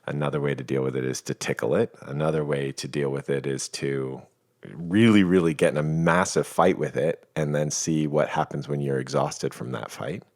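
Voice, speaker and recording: Man, extremely low voice, calm, playful, explaining things on a podcast. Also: moderate pace. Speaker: guest, coach. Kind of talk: reflective conversation.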